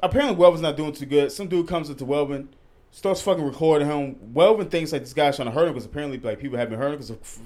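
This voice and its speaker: A man's voice: fairly high pitch, very fast, a little mellow. A young man hosting a casual podcast, telling stories with heavy swearing and voice jumps when he gets outraged. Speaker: podcast host. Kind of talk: casual chat.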